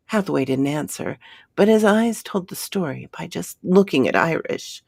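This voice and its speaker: A woman narrating a pulp science fiction story in a dramatic, unhurried reading style. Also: deep voice, animated, creaky, a little mellow, breathy edge, dry recording, clean studio sound.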